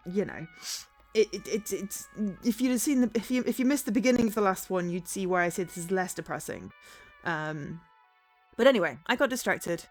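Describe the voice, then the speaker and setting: Chatty, animated woman streamer. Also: mid-range voice. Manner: chatty, rambling, easily sidetracked. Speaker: game streamer. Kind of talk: casual chat while streaming a game.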